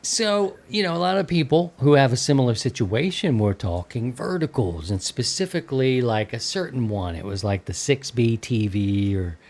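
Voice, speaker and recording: A man's voice: medium pitch, animated, moderate pace, few pauses, a little mellow. A middle-aged man hosting a radio hobby podcast, rambling along in easygoing, filler-heavy casual chat. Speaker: podcast host.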